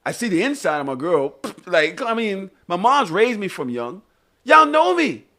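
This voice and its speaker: A man's voice: high-pitched, moderate pace. A man co-hosting a podcast, ranting in casual chat with swearing and exasperated questions. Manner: animated, exasperated, swears and rants. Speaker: podcast co-host.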